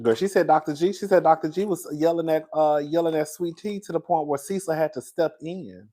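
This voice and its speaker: A man's voice: a little high, a little fast. A man hosting a casual show, gossiping and laughing as he recaps reality TV drama. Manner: animated, gossipy, laughs a lot. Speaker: host.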